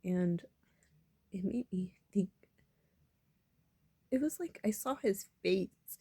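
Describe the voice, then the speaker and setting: A woman vlogger musing softly in half-whispers about personal matters. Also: medium pitch, slow pace, breathy edge, no echo. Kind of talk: reflective personal talk.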